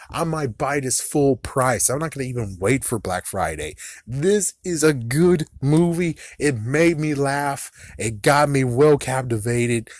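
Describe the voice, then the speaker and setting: A man chatting through a movie review in a casual, excitable way, laughing often and swearing now and then. His voice sits at an ordinary middle pitch. The sound is dry and close, with no room around it. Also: dry recording.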